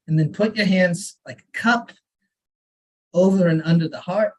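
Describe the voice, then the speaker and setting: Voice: medium pitch, moderate pace, a little mellow, lightly acted, rough recording. A performer voicing an elderly immigrant father who lectures earnestly, reading a story aloud at an open mic. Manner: fussy, insistent advice-giving.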